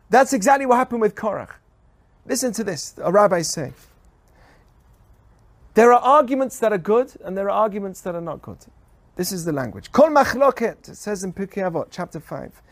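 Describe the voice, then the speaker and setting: A man, a rabbi, teaching a weekly Torah lesson on a podcast in an animated way, full of rhetorical questions. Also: sits high.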